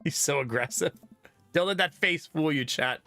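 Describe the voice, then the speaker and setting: A male streamer reads a dating game aloud and talks to his chat in an excitable, laughing way. His voice is gravelly with a bright, tense edge. The sound is dry and close, with soft game music behind. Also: a little high, normal speed, no echo. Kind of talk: let's play commentary reading aloud.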